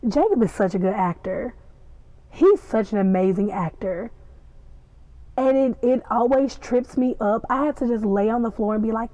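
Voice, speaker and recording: A woman's voice: a little high, normal speed, no echo. Chatty young woman, dull muffled sound. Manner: animated, gossipy retelling with acted-out quotes. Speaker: podcast host reviewing a TV episode. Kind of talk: casual chat.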